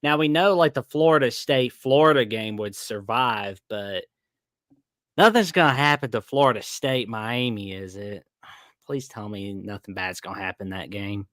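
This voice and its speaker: A man's voice: lowish voice, normal speed, fairly bright tone, dry recording, studio quality. A man with a Southern US accent calling in to a sports talk show, talking casually and hesitantly with many fillers. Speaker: caller. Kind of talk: casual chat on a call-in show.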